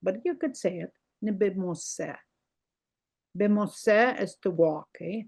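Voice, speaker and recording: An older woman teaching a language lesson over a video call, repeating words slowly and explaining how they sound. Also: mid-range voice, vocal fry, darkish tone, husky. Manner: slow, repeats words carefully, explaining pronunciation.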